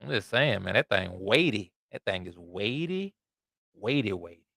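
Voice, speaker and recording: A man hosting a podcast, reading scripture aloud and preaching in an animated, conversational way with asides to his listeners. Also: fairly low pitch, moderate pace, vocal fry, no echo, clean studio sound. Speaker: podcast host and Bible teacher.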